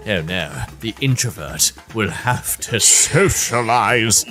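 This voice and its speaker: A man streaming, reading memes aloud and joking about them in a casual, animated way, jumping in and out of mock voices. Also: medium pitch. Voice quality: animated, jokey, jumps between mock voices.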